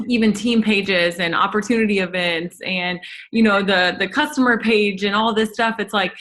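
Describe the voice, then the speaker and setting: A woman's voice: medium pitch, moderate pace. A woman hosting an interview, asking long, casual questions with many fillers. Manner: relaxed, rambling questions with fillers. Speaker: host.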